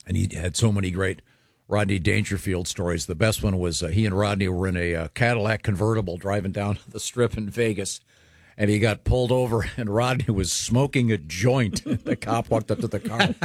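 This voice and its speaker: A man with a slightly low voice hosts a relaxed chat. He rambles through folksy stories full of fillers. The sound is close and dry. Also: no room sound. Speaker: host. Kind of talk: casual chat.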